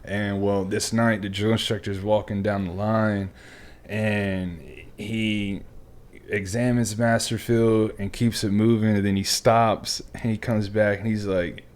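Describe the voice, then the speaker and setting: A man hosting a podcast, a military veteran telling stories in casual chat who swears freely, laughs often and drops to a hushed voice for asides. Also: lowish voice, flat delivery, slow.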